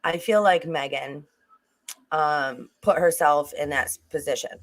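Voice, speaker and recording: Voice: mid-range voice, measured pace. A livestream host giving casual true-crime commentary, rambling with frequent restarts and asides to the chat.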